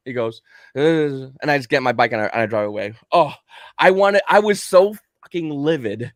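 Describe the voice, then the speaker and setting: A man telling a story in casual chat on a livestream, acting out the quotes in an animated way. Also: fairly high pitch, a little fast, no echo, studio quality. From Kentucky. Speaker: livestream guest.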